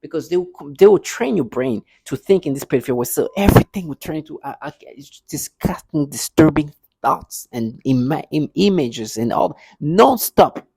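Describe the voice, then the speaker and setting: A man's voice: a little high, expressive, normal speed, gravelly, few pauses, a little mellow, slightly rough, dry recording, rough recording. A man talking to his viewers in a casual monologue, insistent, often repeating words and restarting. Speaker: vlogger addressing his viewers. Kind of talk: casual spoken monologue to camera.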